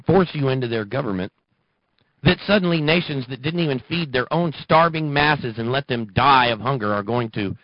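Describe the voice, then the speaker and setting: Brief: male talk radio host, mid-pitched, mocking and heated, dry dull broadcast sound. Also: animated, moderate pace, no echo. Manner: sarcastic, ranting, mocking. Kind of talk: political talk radio monologue.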